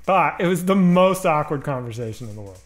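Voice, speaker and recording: Comedian co-host, high and lively, chatty anecdote teller. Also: male voice. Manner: animated storyteller, slips into quick impressions. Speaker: comedy group member, stream co-host. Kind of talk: casual chat, anecdote telling.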